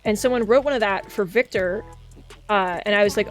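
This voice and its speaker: A woman streamer chatting casually and excitably, often swearing and breaking into laughter. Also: medium pitch, a little fast. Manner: excitable, swears a lot, frequent laughing outbursts. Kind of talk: casual live-stream chat. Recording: faint background music.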